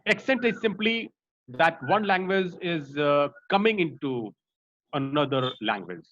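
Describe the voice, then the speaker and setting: Indian-accented man, speech trainer, slightly raised pitch, muffled video call sound. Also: animated, measured pace, a bit bright, slight background noise. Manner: explanatory, frequent "right?" and "uh" fillers, mixes in Hindi. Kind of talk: online class lecture.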